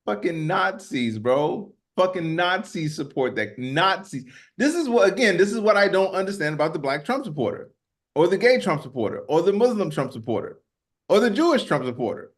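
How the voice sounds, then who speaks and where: A man with a slightly high voice co-hosts a comedy podcast. He hurries through his stories and presses his points emphatically. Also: big pitch swings. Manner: emphatic, rushed storytelling. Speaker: podcast co-host. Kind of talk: casual comedic chat.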